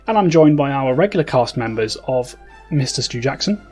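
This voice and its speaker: A British man hosts as game master, chatting easily with his players before the session. He tends to stammer and repeat words while he finds his point, and his pitch sits mid-range for a man. Faint music plays behind him. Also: animated, brisk, darkish tone. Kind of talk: casual chat before a tabletop game.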